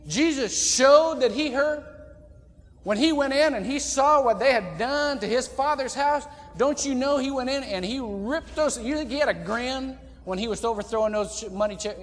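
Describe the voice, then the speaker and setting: High-voiced folksy man preaching in a reverberant church. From Indiana. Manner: folksy, animated preaching with sudden loud outbursts. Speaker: pastor. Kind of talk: sermon. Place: church sanctuary.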